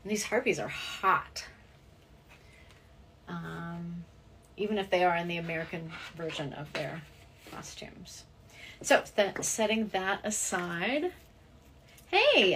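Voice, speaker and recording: A woman's voice: medium pitch, animated, slow, long pauses, a bit bright, a little hiss or hum. A middle-aged woman, a voice actress, chatting casually on a live stream while signing autographs and reading viewer comments aloud.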